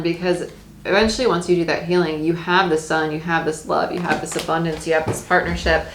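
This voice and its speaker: Woman tarot reader, lowish voice, chatty and emphatic, recorded in an echoey room. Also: fairly even intonation, a little fast, background noise. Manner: chatty, emphatic, laughs often, repeats phrases. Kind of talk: casual tarot reading.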